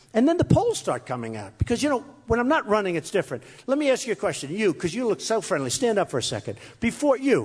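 Male candidate, rambling rally speech, boastful and repetitive, lively swooping delivery, reverberant hall. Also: high-pitched, husky. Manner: boastful, rambling, repeats phrases; mocks his critics in quoted voices. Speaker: political candidate addressing a rally. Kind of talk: off-the-cuff campaign speech. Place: hot crowded room with an audience. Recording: echoey hall, faint crowd.

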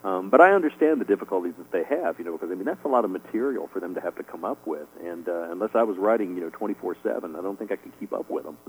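A man's voice: sits low, animated, very fast, darkish tone, slightly rough, low-quality recording. A middle-aged man being interviewed as an author, rambling with lots of fillers and chuckling often. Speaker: author guest. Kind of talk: casual radio interview answers.

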